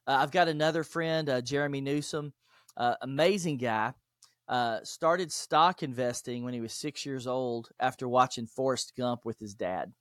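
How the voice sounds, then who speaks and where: A man's voice: mid-range voice, normal speed, no echo, studio quality. A man, a podcast guest and author, telling stories in an interview and acting out the dialogue. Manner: animated, acts out dialogue in stories. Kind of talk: interview storytelling.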